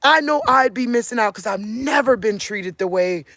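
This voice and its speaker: A woman's voice: on the high side, animated, moderate pace, fairly bright tone, no echo. Earnest country-talking woman in her forties. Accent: country Midwestern US. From Cleveland, Ohio. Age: 40s. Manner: earnest, talks in a drawl, keeps asking "you get what I'm saying?". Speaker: vlogger. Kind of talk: casual monologue to viewers.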